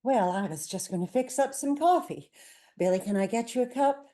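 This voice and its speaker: A fussy eighty-year-old woman volunteer, read by a woman in a virtual table read. Her voice sits high and mellow, and she stammers as if flustered. It sounds like a video call. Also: animated, normal speed, natural voice. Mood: grumbling.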